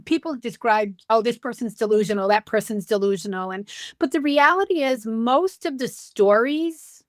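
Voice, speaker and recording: A middle-aged woman speaks as a guest expert, telling vivid stories and acting out both sides of each conversation. Her voice sits a little high and comes through dry and close, with no room around it. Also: normal speed, no echo. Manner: storytelling, animated, acts out dialogue. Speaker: dementia care expert, guest. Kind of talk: conversational podcast interview.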